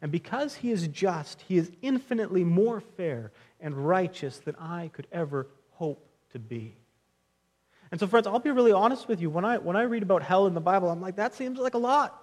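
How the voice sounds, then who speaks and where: A man's voice: high-pitched, expressive, moderate pace, darkish tone. A young man preaching a sermon in an earnest, conversational way, often restarting phrases and speaking directly to his listeners as friends. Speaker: pastor.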